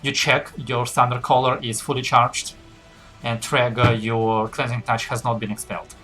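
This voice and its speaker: A man running a tabletop game, talking in a casual, loose way and filling pauses with "uh" and "like" as he works things out. His pitch sits in a middle range, and soft music plays faintly underneath. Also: flat delivery. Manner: casual, thinks aloud with fillers. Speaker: game master.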